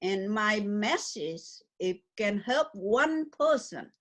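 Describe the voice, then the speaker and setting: A woman's voice: medium pitch, big pitch swings, slow pace, a bit bright. An older woman from Vietnam with a Vietnamese accent and broken English, speaking earnestly and emphatically in an interview. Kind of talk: conversational interview.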